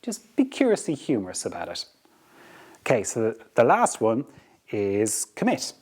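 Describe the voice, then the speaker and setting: Animated man giving motivational advice. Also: mid-range voice, moderate pace, breathy edge. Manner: animated, repeats words when restarting, laughs lightly. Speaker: podcast host. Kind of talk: motivational talk.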